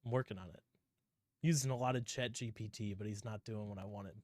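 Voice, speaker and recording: A young man co-hosting a podcast, telling a story casually with lots of swearing and quick put-on voices for the characters. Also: fairly low pitch, no room sound, clean studio sound. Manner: animated, profane storytelling, acting out characters in voices. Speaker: podcast co-host. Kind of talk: casual chat.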